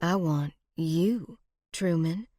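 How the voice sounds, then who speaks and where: A woman's voice: fairly low pitch, darkish tone, no room sound, studio quality, natural voice. Sly flirtatious outlaw woman, purring and mocking, read by a woman narrator. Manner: purring, teasing, slow drawl.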